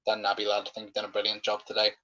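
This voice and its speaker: A young man, hosting a live football watchalong and calling the match as an excitable fan who swears when frustrated. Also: on the low side, racing, dull audio.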